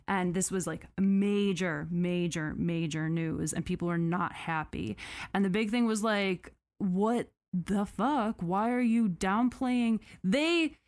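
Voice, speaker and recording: A woman co-hosting a podcast, telling a story in casual chat who swears freely and climbs sharply in pitch when she gets outraged. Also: unhurried, a little mellow, no echo. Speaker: podcast co-host.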